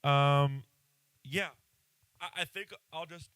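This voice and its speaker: A man's voice: fairly high pitch, a little slow, pauses often, fairly bright tone, clean tone, no room sound, poor audio. A young man hosting a casual solo podcast, rambling and candid, swearing freely with lots of fillers. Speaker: podcast host. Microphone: audio interface microphone.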